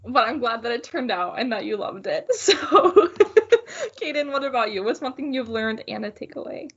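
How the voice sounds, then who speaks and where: A bubbly young woman with a slightly high voice moderates a casual student chat. She giggles easily. Her voice comes through dull and lo-fi. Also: sing-song, moderate pace, fairly bright tone, husky. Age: young adult. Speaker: discussion moderator. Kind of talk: casual group reflection. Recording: dull, lo-fi sound.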